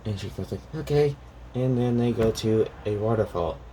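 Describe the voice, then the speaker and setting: Young man, rambling fan story, lowish voice, mellow tone, faint background noise. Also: fairly even intonation, fairly quick. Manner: rambling, many restarts and "she goes like". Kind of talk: casual fan story retelling.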